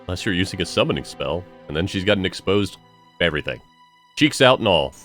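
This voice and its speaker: A man's voice: low-pitched, very animated, fast talker, fairly bright tone, faint music behind. A man from Ireland casually commentating a game he plays, making playful, jokey asides and reading game text aloud. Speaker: let's play gamer.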